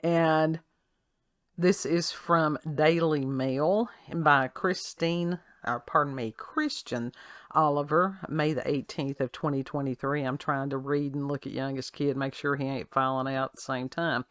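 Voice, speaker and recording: A woman's voice: low-pitched, fairly even intonation, a little slow, no room sound, studio quality. A woman hosting a casual talk show, reading a news story aloud with sarcastic asides and frequent laughs. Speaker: podcast host. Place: at home with her child nearby.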